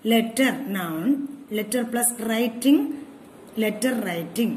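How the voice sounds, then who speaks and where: A woman teacher, explaining grammar slowly and deliberately, word by word. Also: a little high, a little mellow, a little hiss or hum. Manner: slow, deliberate word-by-word explanation with asides in a regional language. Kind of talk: grammar lesson for school pupils.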